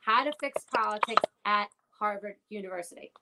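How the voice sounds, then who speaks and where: In a noisy recording full of clicks, a woman speaks fairly quickly in a mid-range voice. It's a casual chat where she recounts a story, swearing a lot and quoting the back-and-forth between people.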